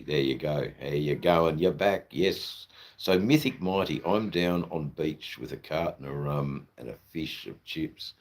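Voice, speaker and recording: A man with an Australian accent chatting loosely to his live chat, rambling, swearing and filling gaps with ums and uhs. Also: very deep voice. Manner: rambling, loose and profane, full of fillers. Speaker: livestreamer. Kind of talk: casual live-stream chat.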